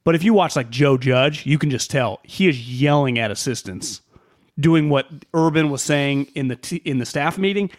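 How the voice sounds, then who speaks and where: A man co-hosting a football podcast, riffing fast with opinions and stats. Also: fairly high pitch, expressive. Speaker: podcast co-host. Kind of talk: casual sports chat.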